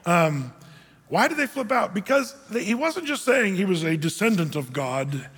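A man's voice: high voice, big pitch swings, normal speed, fairly bright tone, slightly rough. A middle-aged male pastor preaching a sermon in a conversational, self-deprecating way, often restarting his phrases. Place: church hall. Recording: long hall reverb.

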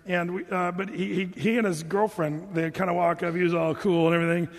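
A male pastor delivers a sermon in a relaxed, storytelling way. His voice sits high for a man and is full of animation. The sound carries the long reverb of a big church hall. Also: fairly quick. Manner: animated, chatty, laughing at his own stories.

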